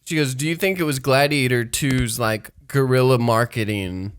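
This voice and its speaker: A man's voice: mid-range voice, moderate pace, clear, resonant tone. A man co-hosting a casual comedy podcast, telling stories with acted-out quotes and frequent laughter. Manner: animated storyteller, acts out quotes, laughs often. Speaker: podcast co-host.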